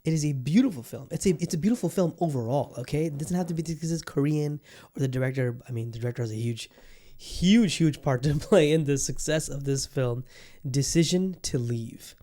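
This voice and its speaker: A man with a higher, brisk, mellow voice hosts a podcast on his own. His solo monologue is casual and loose, packed with fillers, swearing and restarts.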